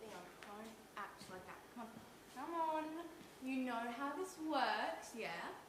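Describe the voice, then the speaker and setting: A woman's voice: on the high side, lively intonation, slow pace, noisy background. A young woman plays a domineering female drug smuggler, harsh and scornful, on a school stage. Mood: hard, scornful. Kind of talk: stage acting. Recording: echoey stage from far off.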